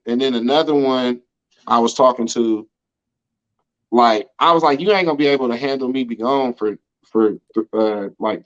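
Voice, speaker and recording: Here a medium-pitched American man, recorded with the highs cut off, chats as an interview guest. He tells stories in a loose, slangy way, always checking in with "you know what I'm saying."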